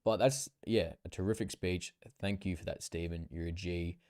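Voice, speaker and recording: A young man chatting casually on a live stream, slangy and profane, with sudden excited bursts. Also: sits low, normal speed, no echo, clean studio sound. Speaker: livestreamer.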